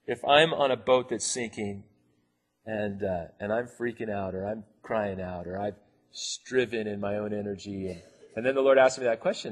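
A man's voice: fairly low pitch, normal speed. A man preaching a conversational sermon, acting out the quoted voices and laughing now and then.

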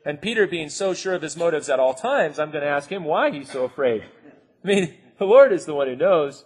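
A man's voice: fairly high pitch, lively intonation, brisk, slightly rough. A man preaching a conversational sermon, acting out the quoted voices and laughing now and then.

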